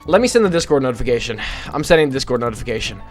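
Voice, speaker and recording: A man's voice: mid-range voice, sing-song, very fast, faint music behind. A male streamer chatting casually with his viewers, rambling, joking, swearing and poking fun at himself. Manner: rambling, joking, profane, self-mocking.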